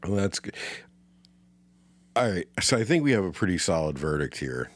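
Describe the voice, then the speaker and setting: A man's voice: sits low, sing-song, normal speed, no echo. A man co-hosting a casual movie chat, swearing freely and laughing often. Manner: profane, laid-back, laughs often. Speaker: podcast co-host.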